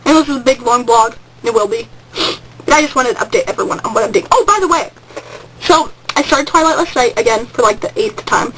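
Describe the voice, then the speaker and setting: A woman's voice: fairly high pitch, a bit bright, a little hiss or hum, poor audio. A teenage girl telling a rambling story on a home webcam vlog, hyper and jumping into sudden squeals. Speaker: vlogger. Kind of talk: casual excited vlog storytelling.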